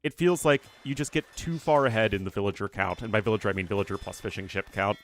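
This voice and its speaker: Male esports caster with a chatty, joking delivery who answers chat between plays, soft music underneath. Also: on the low side, fast talker. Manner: chatty, joking asides reading viewer chat. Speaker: game tournament caster. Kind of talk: live esports commentary.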